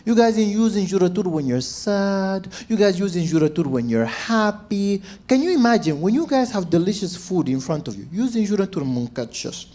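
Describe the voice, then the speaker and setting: A man, a stand-up comedian telling stories to a crowd and acting out shouts and quoted voices. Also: high-pitched, fairly quick, few pauses. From Zambia. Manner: animated, acts out shouts and quotes. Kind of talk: stand-up storytelling.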